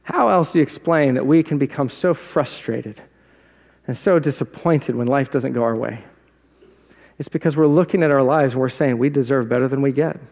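A man's voice: medium pitch, moderate pace, creaky, a little mellow, long reverb tail. A man preaching a conversational sermon in a church, asking the congregation questions as he goes. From South Jersey. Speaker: pastor. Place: church sanctuary.

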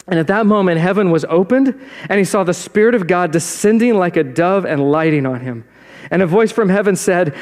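Pastor guy w a high voice, chatty sermon style, lots of right? and don't we?, big echoey church hall. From South Jersey. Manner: conversational preaching with rhetorical questions. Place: church sanctuary.

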